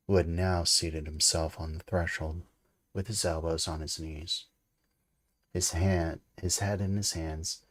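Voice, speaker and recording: A man reads a classic novel aloud in a deep, low voice. His reading is slow and steady. He sometimes slips on a word and starts the line again. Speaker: audiobook reader. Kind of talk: amateur storybook read-aloud.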